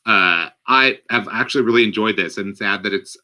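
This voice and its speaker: Man, co-host, casual chat, very bright sharp voice, rambling, playful. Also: on the low side, fairly quick. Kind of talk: casual live-stream chat.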